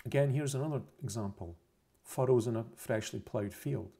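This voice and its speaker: Guy explaining stuff over pics, kinda raspy and husky, repeats himself a lot. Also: mid-range voice, normal speed, mellow. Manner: methodical, repeats points, self-corrections. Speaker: science explainer. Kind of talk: unscripted narrated explanation over pictures.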